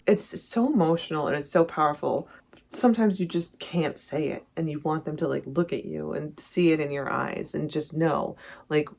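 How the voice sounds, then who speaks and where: Gravelly rambling album reviewer. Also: mid-range voice, darkish tone. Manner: rambling, self-correcting, enthusiastic. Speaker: music reviewer vlogger. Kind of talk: casual album ranking commentary.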